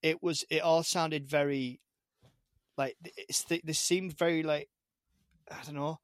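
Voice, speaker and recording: A man's voice: fairly high pitch, fairly even intonation, unhurried, dry recording, clean studio sound. A man with a strong British accent, a guest on a podcast, chatting casually over a video call with many restarts. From Britain. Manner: rambling, many restarts and repeated words. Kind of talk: casual chat.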